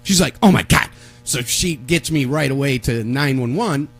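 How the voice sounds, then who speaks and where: A man's voice: medium pitch, normal speed, soft background music. A man telling a long story on a live talk show, acting out the voices of the people in it. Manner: animated, acts out the voices of people in his story. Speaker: radio show co-host.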